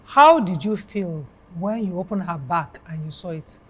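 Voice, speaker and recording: A woman with a Nigerian accent interviewing a mother, speaking softly and sympathetically. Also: on the low side, lively intonation, moderate pace, husky. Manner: sympathetic, soft-spoken comforting. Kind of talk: interview questioning.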